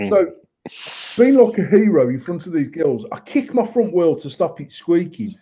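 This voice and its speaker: A man's voice: high-pitched, unhurried, a little hiss or hum. A man telling a rowdy childhood story in casual podcast banter, swearing constantly and laughing along. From United Kingdom. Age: adult. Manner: sweary, animated, laughs through his own story. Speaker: podcast co-host. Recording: dull lo-fi sound.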